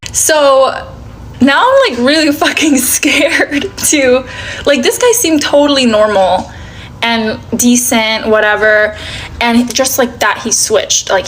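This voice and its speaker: A woman's voice: on the high side, a bit bright, slight background noise. A woman earnestly recounting a frightening date in a casual storytime monologue. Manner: earnest, shaken retelling.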